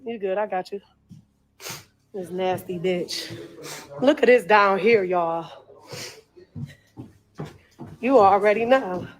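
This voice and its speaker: A woman filming on her phone while clearing out a dirty house, talking bluntly with lots of swearing and exclamations. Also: medium pitch, moderate pace. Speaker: cleanup crew member filming a house. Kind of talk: casual vlog commentary while working.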